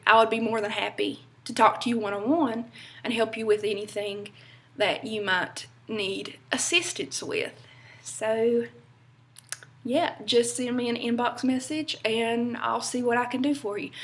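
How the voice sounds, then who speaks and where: A woman's voice: a little high, fairly bright tone. A young woman from North Carolina with a Southern accent, chatting casually to camera in a rambling way with lots of fillers. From North Carolina, USA. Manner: chatty, rambling, many fillers and little laughs. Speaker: vlogger.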